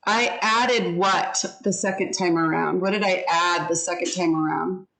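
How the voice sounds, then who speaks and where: A woman teaching a class over a video call, speaking deliberately and modeling words and syllables for her students. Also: on the low side, fairly even intonation, vocal fry, fairly bright tone, poor audio.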